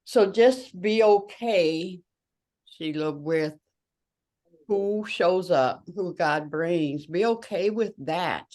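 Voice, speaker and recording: A woman co-hosting a group talk, reflecting aloud in a halting way and searching for her words. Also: lowish voice, mellow. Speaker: co-host.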